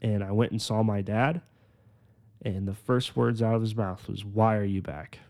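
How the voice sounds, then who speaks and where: A man in his twenties telling his personal faith testimony on a podcast, earnest and full of "like"s, slowing down on the heavy parts. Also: on the low side, fairly even intonation, vocal fry. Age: 20s. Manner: earnest, filler-heavy storytelling with many "like"s; slows down and softens on emotional points. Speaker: podcast host.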